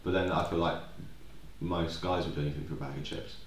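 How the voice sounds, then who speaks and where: A man's voice: a bass voice, fairly even intonation, fast talker, reverberant. A young man co-hosting a podcast, chatting casually and rambling off on tangents with plenty of swearing. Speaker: podcast co-host. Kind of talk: casual chat.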